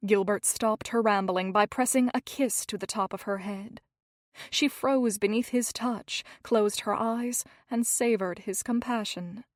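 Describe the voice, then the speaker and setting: A woman narrating a historical romance audiobook in a measured, expressive reading. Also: medium pitch, no echo, clean studio sound. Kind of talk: scripted narration.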